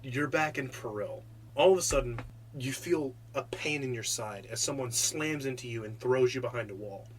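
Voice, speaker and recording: A man narrating as game master of a tabletop game, relaxed and loose, with many fillers. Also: mid-range voice, moderate pace, a little hiss or hum.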